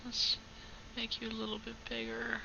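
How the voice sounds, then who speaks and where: A woman's voice: fairly high pitch, monotone, moderate pace, creaky, muffled recording, noisy background. A woman giving a casual live-stream tutorial on digital art, rambling, joking and correcting herself as she chats with viewers. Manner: rambling, jokey, self-correcting, talks to chat.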